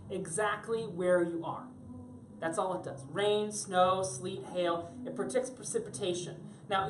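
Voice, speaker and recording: A woman's voice: medium pitch, echoey room, a little hiss or hum, low-quality recording. A woman from Florida giving a chatty, joking live tech talk to an audience in a room on a cruise ship. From Florida, USA. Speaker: tech presenter.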